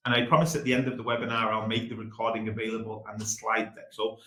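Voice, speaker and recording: Fast-talking English man presenting a webinar. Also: fairly low pitch, level tone, fairly bright tone, echoey room, low-quality recording.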